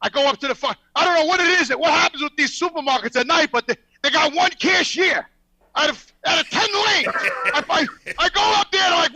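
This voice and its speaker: Loud profane older New man storyteller. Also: very high-pitched, brisk, dry recording, poor audio. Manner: loud, animated, swearing, acts out other people. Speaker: podcast regular.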